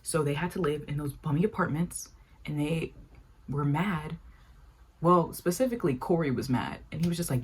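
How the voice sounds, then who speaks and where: A young woman giving casual commentary on a sitcom, animated and exasperated, acting out quotes with big jumps in pitch. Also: moderate pace, slightly rough. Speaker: video essay creator.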